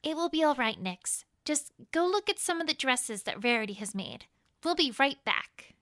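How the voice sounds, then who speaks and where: A woman doing a bright, earnest young unicorn. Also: high-pitched, big pitch swings, normal speed, dry recording, clean studio sound, heavily acted. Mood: gentle. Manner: nervous, rambling, earnest. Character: bookish young unicorn mare, earnest and fretful. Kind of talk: fan audio drama reading.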